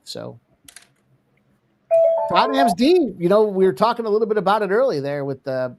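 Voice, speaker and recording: A man hosting a live sports betting show, talking fast and animated about football, soccer and fights. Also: high voice. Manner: animated, quick sports talk. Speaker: host. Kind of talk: casual sports betting chat.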